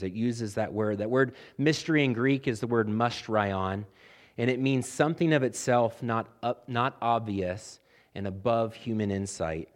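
Speaking as pastor in a mid-range voice, a man preaches a sermon, addressing the congregation directly and piling on emphasis through repeated phrases.

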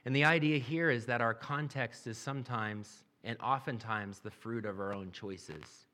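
A man's voice: mid-range voice, normal speed, bright, forceful tone. Man, pastor, sermon, conversational preaching, reads scripture then explains it.

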